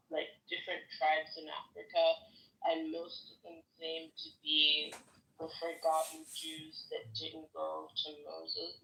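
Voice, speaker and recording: A woman's voice: low-pitched, vocal fry, bright, forceful tone, reverberant, recorded from a distance, a little hiss or hum, low-quality recording. A woman in an online audio room, chatting bluntly and giving her opinions. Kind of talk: casual chat.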